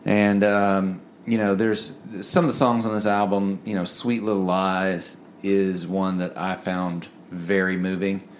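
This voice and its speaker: A man's voice: deep voice, level tone, measured pace, hardly any pauses, slight background noise. A man co-hosting a music review show, talking earnestly in a rambling way with many fillers. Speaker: podcast co-host. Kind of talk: casual music review chat.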